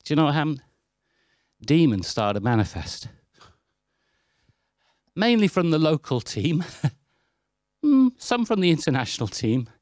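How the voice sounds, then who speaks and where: A man's voice: on the high side, measured pace, long pauses, dry recording, clean studio sound. A British man preaching a sermon, telling stories in a chatty, self-deprecating way. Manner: anecdotal, chatty and lively, with self-deprecating asides.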